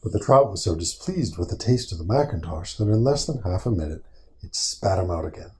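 A father with a deep, warm, mellow voice reads a storybook aloud to his small child. He is gentle and patient, pausing now and then to answer the little one's questions before reading on. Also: lively intonation.

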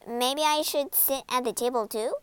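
A woman's voice: high voice, moderate pace, fairly bright tone, clear, resonant tone, dry recording. A woman voicing a cheeky, greedy male frog who wheedles and insists on getting his way. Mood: wheedling.

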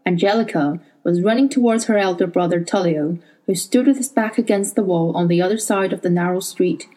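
A woman narrates a novel aloud at an even, measured pace. Her voice is warm and mellow, and it sits at a middle pitch. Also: poor audio. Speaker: audiobook narrator.

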